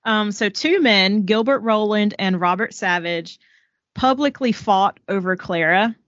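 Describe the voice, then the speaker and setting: A woman's voice: mid-range voice, a little slow, fairly bright tone, dry recording, lo-fi sound. A woman with a Southern accent co-hosting a podcast, casually retelling a biography with frequent fillers. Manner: storytelling, with many "um"s and book quotes. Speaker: podcast co-host. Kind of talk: casual chat, summarizing a book.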